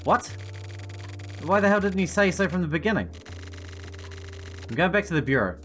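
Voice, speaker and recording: A man reading a gruff, curt investigator. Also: high-pitched, lively intonation, normal speed, a bit bright, faint music behind, pitched above the performer's own voice. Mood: angry. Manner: blunt, curt, swearing. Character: gruff irritable male investigator. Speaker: game reader voicing characters. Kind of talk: reading game dialogue aloud.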